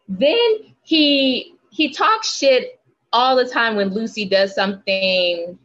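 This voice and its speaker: A woman's voice: fairly high pitch, slow pace, fairly bright tone, highs cut off. A woman co-hosting a casual podcast, ranting emphatically and swearing freely. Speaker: podcast co-host.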